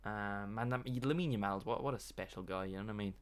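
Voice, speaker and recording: A man's voice: fairly low pitch, quick pace, clear, resonant tone. A man streaming live, reacting and rambling in a joking, self-mocking way. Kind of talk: casual live-stream commentary.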